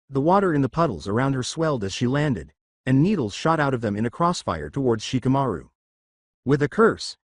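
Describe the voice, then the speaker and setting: Man, fan fiction narrator, steady reading, lively pitch, dry sound. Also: dry recording. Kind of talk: fan fiction read-aloud.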